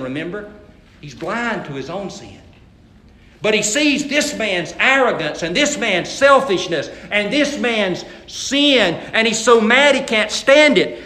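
A man's voice: high voice, sharp tone, reverberant. A man preaching a sermon, reading scripture dramatically and talking to the congregation in a folksy way. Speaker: pastor.

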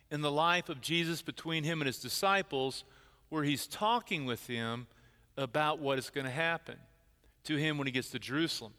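A man's voice: a little high, pushed and bright, big-room sound. An older man preaching a sermon as a pastor, telling a self-deprecating story with many restarts. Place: church sanctuary.

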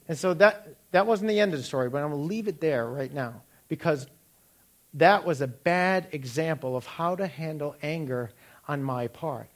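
A middle-aged man giving a sermon, asking the listeners direct questions and telling personal stories. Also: a little high. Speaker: pastor.

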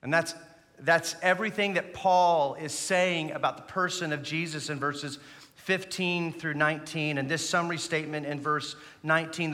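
A male pastor delivers an earnest sermon in a fairly high, bright voice, pressing his points with emphasis. The recording carries the long reverb of a church sanctuary. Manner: earnest preaching, leads the congregation in reciting. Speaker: associate pastor.

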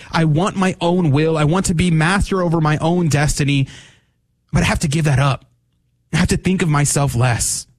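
Earnest preaching male radio host. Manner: earnest, preaching, rises in pitch for emphasis. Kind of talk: radio gospel commentary.

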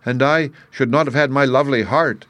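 A man doing a gentle tin man. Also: medium pitch, fairly quick, no echo, voice pushed up, close to an everyday voice. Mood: wistful.

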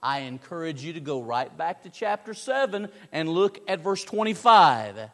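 A man preaching an expository sermon, emphatic, asking rhetorical questions and swinging between loud and quiet. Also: medium pitch, lively intonation, a little slow. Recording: long reverb of a large hall.

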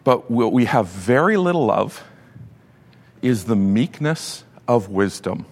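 Animated pastor preaching in a reverberant hall. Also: male voice, mid-range voice, slow pace. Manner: animated, joking storyteller. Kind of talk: sermon.

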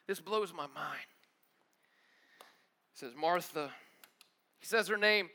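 High, bright-voiced animated preacher. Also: male voice, measured pace. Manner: animated storytelling, acts out voices, casual slang. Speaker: pastor. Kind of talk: sermon.

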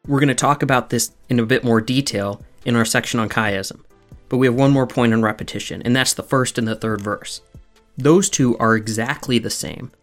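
Male podcast host, mid pitch, methodical explainer who slows down on key terms, faint music under him. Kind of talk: scripted podcast teaching.

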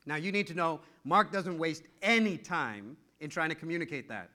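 A middle-aged male pastor preaching a sermon with animated, repetitive storytelling. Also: fairly high pitch, normal speed.

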